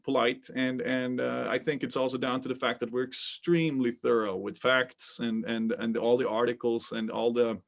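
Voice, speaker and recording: Halting businessman. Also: medium pitch, flat delivery, creaky. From Sweden. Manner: halting, often repeats words before finding them. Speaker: company co-founder, interviewee. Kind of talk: conversational interview answers.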